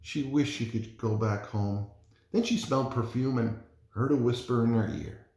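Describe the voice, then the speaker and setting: A man, a parent, reading a children's storybook aloud in an expressive, animated way. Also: mid-range voice, moderate pace. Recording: roomy echo.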